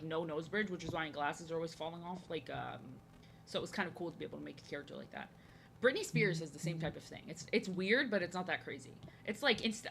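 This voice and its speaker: Young woman streamer from the US, rambling art chat, bright crisp tone, slightly low voice. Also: slight background noise. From United States. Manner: chatty, rambling, self-deprecating. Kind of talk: casual rambling chat while drawing.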